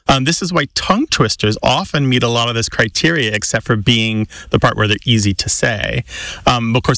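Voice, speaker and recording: Gravelly-voiced male radio host. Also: medium pitch, a bit bright, no room sound. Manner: explanatory, chatty, quick asides. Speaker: radio co-host and word expert. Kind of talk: radio call-in chat.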